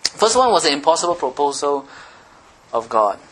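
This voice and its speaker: A man's voice: fairly high pitch, big pitch swings, moderate pace, a bit bright. A male pastor giving a sermon in a playful, teasing way, often checking in with his listeners.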